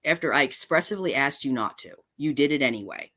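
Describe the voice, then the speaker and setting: A woman's voice: extremely low pitch, expressive, fast talker, bright, forceful tone. A woman vlogger delivering an angry, confrontational rant straight to camera, indignant and repeating her points. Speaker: cat channel vlogger.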